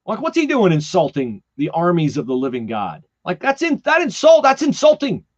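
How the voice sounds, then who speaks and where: A cocky young shepherd boy talks big and eager, all slang and swagger, as a man puts him on while retelling a story. The voice sits far higher than the teller's own, bouncing with excitement, on slightly muffled audio. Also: normal speed, exaggerated voice. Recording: slightly dull lo-fi podcast audio.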